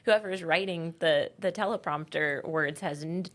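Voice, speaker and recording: A woman's voice: low voice, moderate pace. A woman co-hosting a radio interview in a chatty way, full of "like" and "you know". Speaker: co-host.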